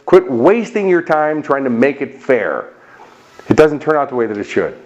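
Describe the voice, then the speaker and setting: A man's voice: mid-range voice, big pitch swings, moderate pace, a little mellow, highs cut off. A man speaking as a motivational coach, talking straight to the viewer in an emphatic, direct way with punchy repetition. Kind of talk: motivational talk to camera.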